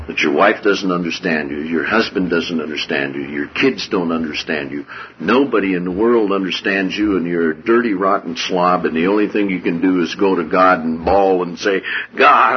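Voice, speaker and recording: A man preaching a sermon with a husky voice, swinging from hushed low passages to loud, high-pitched outbursts. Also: normal speed, dull audio, a little hiss or hum.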